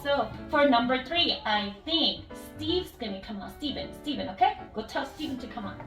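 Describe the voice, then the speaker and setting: A woman English teacher leading a phonics lesson with young children, speaking slowly and encouragingly and repeating words clearly. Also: high-pitched, animated, echoey room, far from the mic, music in the background. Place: classroom.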